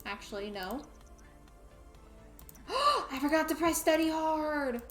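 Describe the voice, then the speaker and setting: A woman's voice: high voice, sing-song, slow pace, fairly bright tone, roomy sound, soft background music. A woman playing a life simulation game, chatting playfully and scolding her characters. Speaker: gamer streaming a life sim. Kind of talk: casual let's play commentary.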